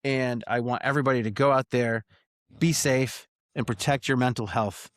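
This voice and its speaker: A man's voice: mid-range voice, steady tone, normal speed, dry recording, clean studio sound. A man co-hosting a soccer podcast in casual chat, joking and given to mock-grand rants. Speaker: podcast co-host.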